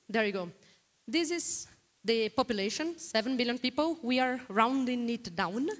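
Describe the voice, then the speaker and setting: A woman from Brazil with a Brazilian Portuguese accent, giving a lively guest lecture in a hall and putting frequent questions to the audience. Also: fairly high pitch. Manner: animated, questions the audience often.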